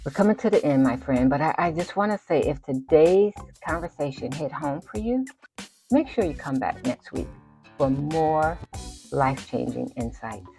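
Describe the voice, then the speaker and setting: A woman's voice: low voice, animated, normal speed, warm tone, faint music behind. A woman hosting a motivational podcast, emphatic and preacherly, repeating phrases for effect and turning playful at times. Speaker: podcast host.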